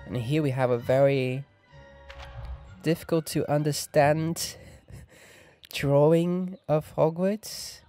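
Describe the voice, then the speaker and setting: A young man hosting soft-spoken game commentary, talking gently and relaxed with chuckling asides. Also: fairly high pitch, slow, pauses often, soft background music. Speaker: gameplay host.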